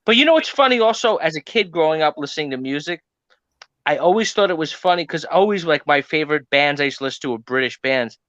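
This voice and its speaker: An American man chatting casually on a live show, telling stories in an animated way and mimicking voices. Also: fairly high pitch, quick pace, no echo, lo-fi sound. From United States. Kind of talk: casual chat.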